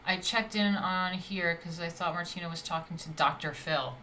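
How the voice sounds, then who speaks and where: A woman from New York hosting a casual online interview, animated and quick to laugh. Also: fairly low pitch. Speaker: host. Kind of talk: casual chat. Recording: echoey room, faint background hum.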